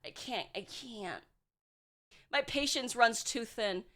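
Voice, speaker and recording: High bright-voiced blunt young woman streamer. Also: slow pace. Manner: blunt, sarcastic, swears freely, lots of fillers. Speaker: VTuber streamer. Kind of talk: casual stream chat reacting to chat.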